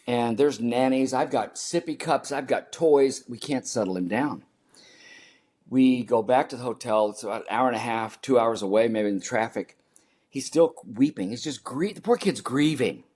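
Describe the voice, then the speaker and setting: A man's voice: mid-range voice, moderate pace, a little mellow, slightly rough. A man in his seventies, a podcast guest, earnestly telling a personal story and repeating key phrases for emphasis.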